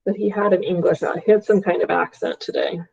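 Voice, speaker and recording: A woman's voice: on the low side, fairly even intonation, quick pace, vocal fry, darkish tone. A woman math teacher giving a live online class from home, upbeat and checking in with her students often. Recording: dull lo-fi stream audio.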